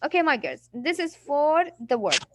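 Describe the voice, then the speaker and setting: High-voiced woman teaching English vocabulary. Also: sing-song, normal speed, background noise. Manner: patient explaining, acts out examples. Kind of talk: classroom vocabulary lesson.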